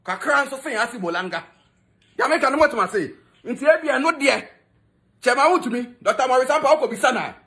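A man's voice: very high voice, expressive, fast talker, sharp tone. A man with a Ghanaian accent giving a mocking, scolding gossip commentary that switches between Twi and English. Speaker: entertainment commentator.

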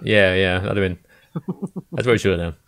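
Gravelly low-voiced English man. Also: fairly even intonation, fairly quick, a bit bright. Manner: jokey, laughs often, repeats himself. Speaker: podcast co-host. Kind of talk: casual chat.

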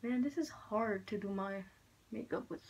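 Young woman, hoarse from a cold, casual makeup chat, swears freely, home room. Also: mid-range voice, moderate pace, darkish tone, muffled recording. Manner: chatty, frank, swears a lot. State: sick, slightly hoarse. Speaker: beauty vlogger. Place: room at home with poor lighting. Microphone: handheld mirror in one hand, camera fixed.

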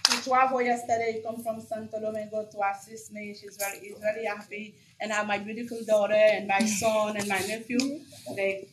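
A woman pastor giving an animated spoken testimony at a graduation service, acting out the dialogue as she tells it. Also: mid-range voice, a little fast, roomy sound, a little hiss or hum, low-quality recording.

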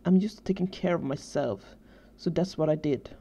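A woman voicing a sullen, weary teenage boy in a storybook reading, with a flat, indifferent delivery. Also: sits low, moderate pace, slightly rough. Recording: dull lo-fi recording.

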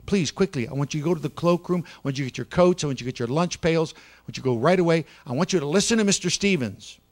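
A man voicing a brisk country schoolteacher giving the children quick, firm instructions in a story told during a church service. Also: fairly high pitch, natural voice. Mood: urgent.

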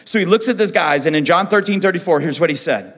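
High-voiced man preaching a sermon. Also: fast, a bit bright, long reverb tail. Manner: passionate preaching, acts out quoted voices. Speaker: pastor. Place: church auditorium.

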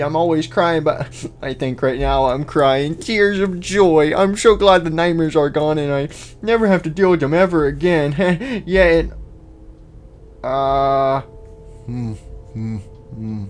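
A man's voice: on the high side, a little slow, faint music behind. A man playing a game roleplay in character, muttering to himself and breaking into panicky outbursts. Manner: jumpy, panicky outbursts between nervous mumbling. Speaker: roleplay video host.

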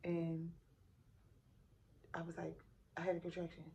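Woman, 30s, AAVE, family vlogger. Exhausted, animated storyteller, low dark voice, light room noise. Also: measured pace, creaky, rough recording. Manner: animated retelling, acts out quotes, addresses viewers as y'all. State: exhausted and sore after giving birth. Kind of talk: casual storytelling vlog. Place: hospital room.

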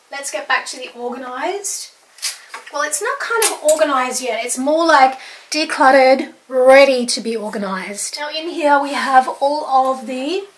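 A woman's voice: high voice, background noise. A young Australian woman with an Australian accent giving a chatty, enthusiastic tour of her home closet, with lots of "like" and "um". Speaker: home and lifestyle vlogger. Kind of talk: casual wardrobe tour chat.

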